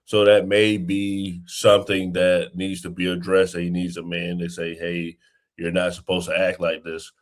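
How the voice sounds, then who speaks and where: A male panelist speaking calmly and with measure in casual talk. His voice is very deep and hardly moves in pitch. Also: unhurried.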